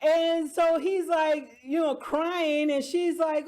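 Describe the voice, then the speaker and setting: Woman, high voice, chatty, rambling drama recap, giggles between sentences. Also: steady tone, unhurried, few pauses, a little mellow. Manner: chatty, laughs often, restarts sentences. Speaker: drama review vlogger.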